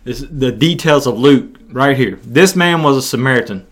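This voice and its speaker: A man preaching a sermon, retelling scripture in an animated storytelling way with frequent restarts. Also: medium pitch, moderate pace.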